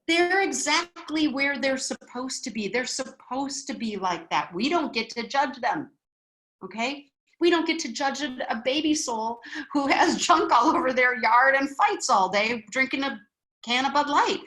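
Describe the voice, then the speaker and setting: A woman teaching a spiritual wisdom class in a lively lecture style, often checking in with her listeners with "okay?". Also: high voice, normal speed, rough recording. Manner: animated, checks in with frequent "okay?".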